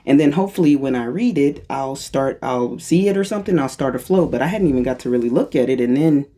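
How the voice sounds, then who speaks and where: A channeler talks freely in a loose, meandering monologue, often restarting and correcting themselves. The humor is playful and self-mocking, and quoted thoughts jump into high, sing-song voices. The voice sits in a middle pitch. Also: animated, fast, warm tone. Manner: rambling, restarts and corrects itself. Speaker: spiritual channeler.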